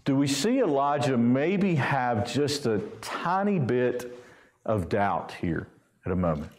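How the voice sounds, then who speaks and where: A man's voice: medium pitch, big pitch swings, slow. Southern man preaching in an echoey church. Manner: reads scripture aloud and comments conversationally. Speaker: pastor. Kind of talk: sermon with scripture reading. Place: church sanctuary. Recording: roomy church echo.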